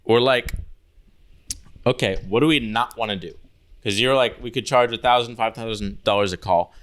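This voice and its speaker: A man co-hosts a laid-back podcast and rambles through his stories in a casual chat. He leans on "like" and drops swear words freely. His voice sits at an ordinary middle pitch. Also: moderate pace, fairly bright tone. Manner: loose, swearing storyteller, heavy use of "like". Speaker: podcast co-host.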